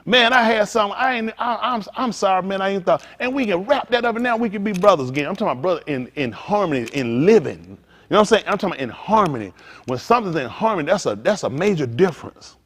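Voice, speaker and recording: A man preaching informally to a congregation, animated and conversational, acting out little dialogues as he goes. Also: high voice, fast. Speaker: pastor.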